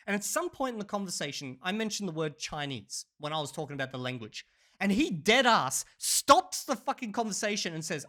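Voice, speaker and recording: A man telling a story in a casual vlog, animated and profane, often breaking into laughter. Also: sits high, a little fast. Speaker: channel host.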